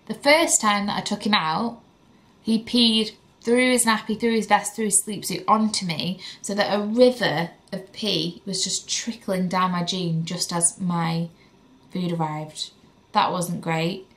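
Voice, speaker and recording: A woman's voice: medium pitch, steady tone, unhurried, fairly bright tone. A young woman, chatting candidly to camera as a vlogging mother, with lots of "like" fillers. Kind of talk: casual chat to camera.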